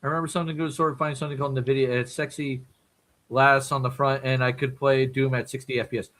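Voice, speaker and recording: A man chatting casually as a podcast guest, putting on a gruff dwarven brogue and swearing freely, with a raspy voice. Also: medium pitch, little pitch movement, fast talker, a bit bright.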